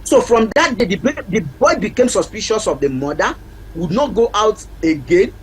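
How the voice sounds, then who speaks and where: A man's voice: high voice, lively intonation, moderate pace, slight background noise, rough recording. A man with a Nigerian accent, a family counselor giving advice on a TV talk show, emphatic and repeating key points like a teacher.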